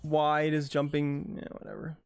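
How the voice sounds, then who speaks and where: A man's voice: on the high side, completely flat delivery, normal speed, creaky, clean tone, soft background music. Chatty young man streaming a game. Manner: chatty, answers viewers' questions between rounds with many fillers. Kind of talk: casual live-stream chat while gaming.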